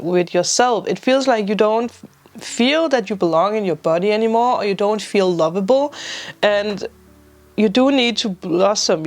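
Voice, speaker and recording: Tearful woman giving a tarot reading. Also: mid-range voice. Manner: emotional, laughing through tears, gentle reassuring guidance. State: teary. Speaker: tarot reader. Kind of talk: spiritual tarot reading to camera.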